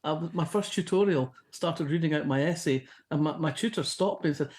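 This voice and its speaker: A woman's voice: low-pitched, fairly quick, few pauses, darkish tone. Scottish woman telling stories. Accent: softened Fife Scottish. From Scotland. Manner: chatty, anecdotal storyteller. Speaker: novelist guest. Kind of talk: casual interview chat.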